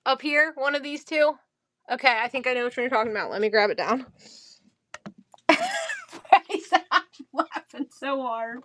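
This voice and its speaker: A woman hosting a casual live-selling stream, chatty and quick to laugh while she talks about items. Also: sits high, a bit bright. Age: adult, mother of a teen. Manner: giggly, chatty, laughs often.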